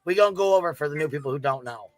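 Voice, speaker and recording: A man's voice: a little high, expressive, racing, no room sound, rough recording. A man hosting reaction commentary, mocking and swearing at a clip he is reviewing. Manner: mocking, profane, combative. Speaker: commentary host.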